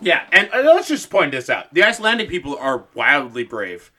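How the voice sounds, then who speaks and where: A man co-hosting a casual history chat, profane and quick to laugh and jump into bits. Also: fairly high pitch, big pitch swings, bright, forceful tone. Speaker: podcast co-host.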